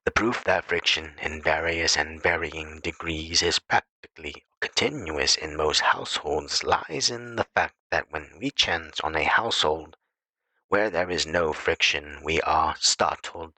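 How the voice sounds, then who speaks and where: A man reading an essay aloud as an audiobook narrator, in a measured, deliberate way. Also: extremely low pitch, sharp tone, no echo, poor audio. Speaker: audiobook reader.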